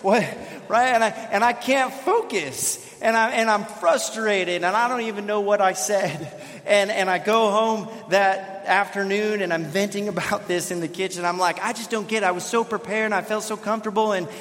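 High-voiced pastor preaching in a reverberant sanctuary. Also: male voice, normal speed. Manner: storytelling, self-deprecating, animated. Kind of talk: sermon. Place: church sanctuary. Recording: long hall reverb.

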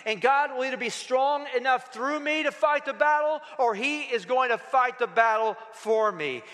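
A man's voice: very high-pitched, sharp tone. A man preaching a sermon to a congregation, emphatic and full of rhetorical questions. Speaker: pastor. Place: church sanctuary. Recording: church hall reverb.

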